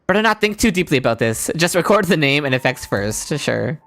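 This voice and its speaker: A woman's voice: low-pitched, very animated, brisk, soft background music. A woman streaming a game, chatting casually and answering her chat.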